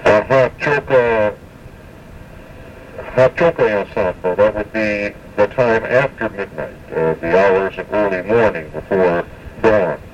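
A man giving a spoken language lesson, slowly and carefully repeating words to show their pronunciation, with many hesitations. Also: on the low side, recorded from a distance, dull audio, faint music behind. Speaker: language teacher.

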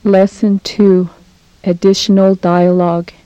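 A woman teaching a recorded language lesson, saying each phrase slowly and repeating it for practice, on a dull lo-fi cassette tape. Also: medium pitch, level tone, warm tone, no echo.

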